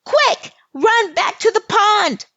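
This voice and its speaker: A woman voicing a bold, witty little girl, with high, loud exclamations. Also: expressive, moderate pace, no room sound, dull audio, heavily acted. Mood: urgent.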